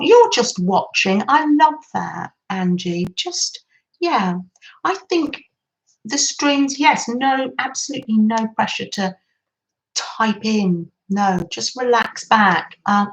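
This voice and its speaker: A woman hosting a live craft stream, chatting gently with viewers, greeting them by name and laughing softly as she works. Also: a little high, poor audio. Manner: soft frequent laughter. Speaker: craft livestream host.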